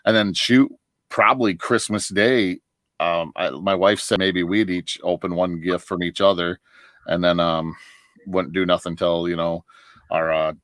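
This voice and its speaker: The voice is deep, steady, and fairly bright, measured in pace, with no room sound. It belongs to a middle-aged man from northern Michigan appearing as a livestream guest, who chats casually through long stories, laughing often and frequently starting over.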